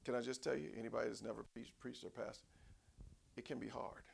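A man preaching a sermon in a folksy, conversational way, swinging between low asides and shouted cries. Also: steady tone, quick pace, vocal fry, slightly rough. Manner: folksy, conversational, acts out voices. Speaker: pastor.

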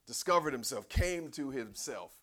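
A man preaching a sermon in a folksy, conversational way, swinging between low asides and shouted cries. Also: lively intonation, normal speed. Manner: folksy, conversational, acts out voices. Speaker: pastor.

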